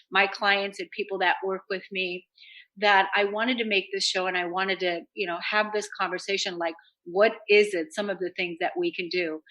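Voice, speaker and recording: Bright-voiced woman radio host. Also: medium pitch, rough recording. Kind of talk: casual self-help radio talk.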